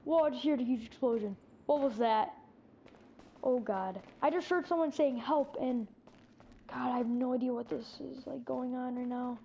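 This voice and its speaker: A woman's voice: high voice, normal speed, creaky, warm tone, highs cut off, a little hiss or hum. A woman playing through a scary game story, reacting breathlessly with lots of exclamations. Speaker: player acting out a scary game movie. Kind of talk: improvised game role-play narration.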